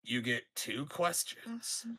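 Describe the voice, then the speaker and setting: A man's voice: medium pitch, big pitch swings, slow pace, bright, forceful tone, breathy edge, exaggerated voice. A man voicing a dry, resigned male orc gambler in a tabletop game, with a drawling, offhand delivery. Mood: wry.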